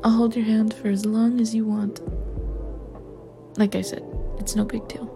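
A young woman acting out a caring partner in an audio role-play, talking gently and reassuringly with light teasing. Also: on the high side, flat delivery, unhurried, vocal fry, music in the background. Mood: gentle.

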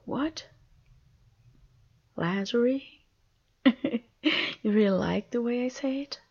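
A woman with a non-native English accent in a whispered role-play, her higher voice husky with a gravelly fry. She speaks very slowly and softly, half-whispering with a submissive tone. The recording sounds dull and lo-fi. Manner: breathy, submissive, half-whispered with soft laughs. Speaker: audio role-play performer.

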